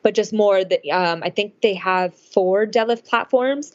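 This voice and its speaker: A woman's voice: medium pitch, measured pace, no echo, lo-fi sound. A woman who advocates for domestic violence survivors, a podcast guest speaking casually with lots of "like" and "um". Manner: relaxed, uses lots of fillers like "like" and "um". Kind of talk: casual interview chat.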